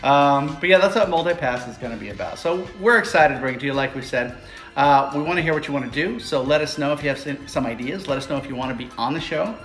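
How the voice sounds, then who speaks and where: A man's voice: mid-range voice, fast talker, fairly bright tone. Rambling, joking male podcast host. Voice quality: rambling, jokey, many "uh" fillers. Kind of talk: casual chat. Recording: echoey room with faint music.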